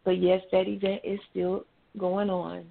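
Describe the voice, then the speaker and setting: Woman guest on the phone, gravelly voice, polite short answers, tinny line. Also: mid-range voice, flat delivery, unhurried. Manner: brief and gracious replies. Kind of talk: call-in interview.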